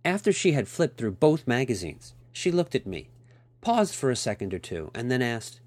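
A man reading a first-person story aloud in a steady, expressive way. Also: mid-range voice, normal speed, no room sound. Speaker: narrator.

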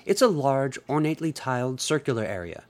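A man narrating an adult story in an expressive storytelling manner. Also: medium pitch, brisk. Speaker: audiobook narrator.

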